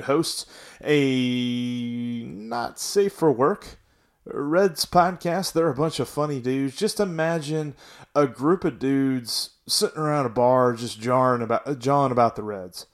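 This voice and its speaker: A man's voice: medium pitch, normal speed. A man hosting a sports podcast, talking casually and venting frustration with frequent restarts. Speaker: podcast host.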